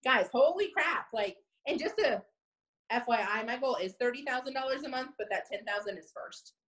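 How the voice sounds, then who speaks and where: A woman's voice: a little high, expressive, normal speed, fairly bright tone, low-quality recording. A woman in her thirties, a sales team leader, giving a chatty, casual live-stream pep talk and reading viewer comments aloud.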